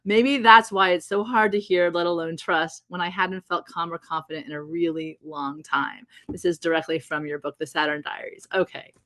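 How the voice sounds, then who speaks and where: A woman's voice: lowish voice, steady tone, normal speed, hardly any pauses, sharp tone, no echo. Gushing woman podcast host, dry sound. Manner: effusive, gushing, laughs often. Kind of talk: enthusiastic interview chat.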